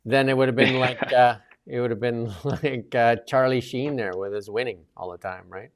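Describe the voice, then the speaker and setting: A man's voice: mid-range voice, fairly even intonation, normal speed. A man hosting a casual political talk show, rambling with many restarts and fillers. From Canada. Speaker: host.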